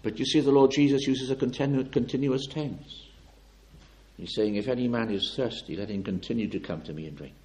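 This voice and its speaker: A man preaching a sermon with fervent, declamatory delivery, swinging from loud emphatic peaks to low, quiet appeals. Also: a little fast.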